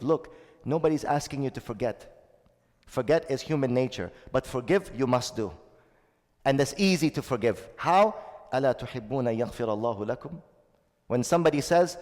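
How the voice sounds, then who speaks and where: A man's voice: medium pitch, very fast, darkish tone. Man, shaykh, sermon, earnest, repeats points, Arabic recitation, long reverb. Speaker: shaykh giving a Ramadan talk.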